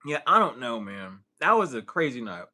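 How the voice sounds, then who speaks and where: A man's voice: mid-range voice, big pitch swings, normal speed, sharp tone. A man answering questions in a casual livestream, joking and rambling with a lot of swearing. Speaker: spiritual content creator answering questions.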